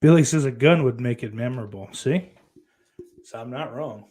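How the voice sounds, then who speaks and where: A man's voice: mid-range voice, normal speed, dark tone. A man hosting a casual podcast livestream, reading chat messages aloud and answering them in a rambling, sarcastic way with plenty of swearing.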